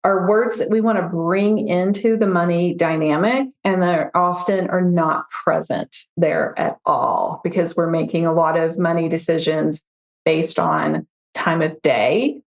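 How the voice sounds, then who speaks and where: A woman, a financial therapist, talking through her approach in a relaxed podcast conversation, often giving examples and voicing her clients. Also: on the low side, measured pace, creaky, roomy sound. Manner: reflective, explains with examples and quoted client voices.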